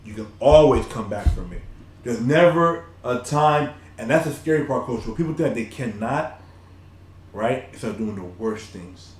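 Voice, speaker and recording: A man's voice: mid-range voice, lively intonation, moderate pace. A man from Nigeria co-hosting a podcast, giving motivational talk in an earnest, repetitive way with many restarts. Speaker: podcast co-host. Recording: roomy echo.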